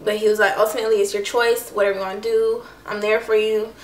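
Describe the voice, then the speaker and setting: A woman's voice: medium pitch, flat delivery, fast talker, recorded from a distance. A young woman telling a personal story to camera in a casual, chatty way, full of "like" and "I don't know". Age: young adult. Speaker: vlogger. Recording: echoey room, voice a bit off-mic.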